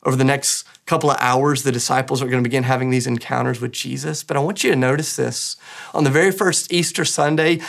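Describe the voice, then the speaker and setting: Gravelly, emphatic male pastor. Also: mid-range voice. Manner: earnest, emphatic preaching with rising bursts. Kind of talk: sermon.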